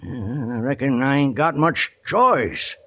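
An actor playing a grizzled, sly old outlaw with a broken leg, speaking in a gravelly Old West drawl with backwoods grammar, groaning and wheedling, in 1950s radio drama style. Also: male voice, mid-range voice, very animated, measured pace, fairly bright tone. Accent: American Old West drawl. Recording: dull old radio recording.

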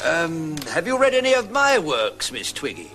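An actor playing a genial, theatrical Victorian novelist in a scripted comedy sketch. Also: male voice, on the high side, huge pitch swings, moderate pace, sharp tone, soft background music, heavily acted. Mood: jovial. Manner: grand, theatrical delivery with lilting rises. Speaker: sketch character.

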